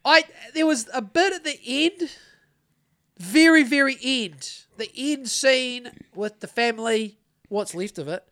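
A man's voice: extremely high pitch, measured pace, bright, forceful tone. A middle-aged man, hosting a podcast and telling rambling, sweary stories in a laid-back way. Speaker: podcast host. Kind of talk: casual chat.

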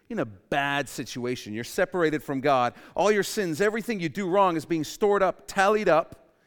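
Male pastor, mid-pitched, preaching with big swings from loud to hushed, in a reverberant hall. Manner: calls for audience response. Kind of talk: sermon.

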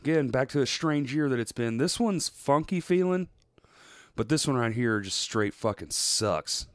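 On a podcast, a co-host spins stories in easygoing talk, full of swearing and frequent laughter. He speaks at medium pitch and normal speed in an animated way, with clean, echo-free studio sound.

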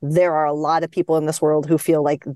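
A woman co-hosting a sports podcast, giving measured opinions in casual chat. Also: low-pitched, little pitch movement, dark tone, no echo, studio quality. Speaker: podcast co-host.

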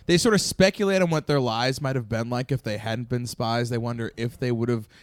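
A man's voice: mid-range voice, fairly quick, no room sound. Wry young man co-hosting a comedy podcast. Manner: wry, deadpan jokes. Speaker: podcast co-host. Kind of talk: casual comedy chat.

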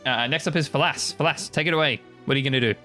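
A man narrating as game master in a relaxed, laughing, casual way. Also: medium pitch, racing, soft background music. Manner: laid-back, laughs often, with casual fillers.

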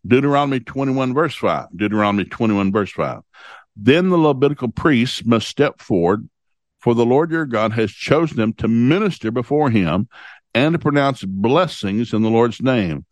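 A man's voice: medium pitch, animated, normal speed, no echo. Folksy man teaching from the Bible. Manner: folksy, repeats points and reads scripture aloud. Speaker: Bible teacher hosting a short devotional.

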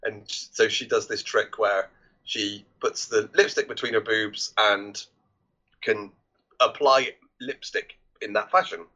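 A man's voice: on the low side, unhurried, pushed and bright, highs cut off. A man in a casual film chat, animatedly retelling scenes and quoting lines.

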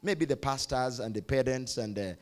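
Emphatic Ugandan pastor preaching. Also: male voice, medium pitch, normal speed. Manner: emphatic preaching, repeats key phrases. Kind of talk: sermon to a youth service. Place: church hall.

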